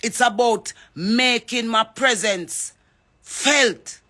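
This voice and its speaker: A Jamaican woman speaks in a fervent, preaching way, calling people out one by one. Her voice is bright and forceful, and she uses it to make a pressing appeal on social media. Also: fairly high pitch, very slow. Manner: fervent, preachy, calls out names. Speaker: singer.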